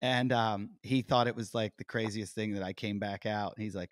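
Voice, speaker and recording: A middle-aged man hosting a podcast, telling stories in a casual, animated way and acting out quotes. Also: lowish voice, normal speed, no room sound, studio quality. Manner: animated storyteller, acts out quotes loudly. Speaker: podcast host. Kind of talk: casual interview chat.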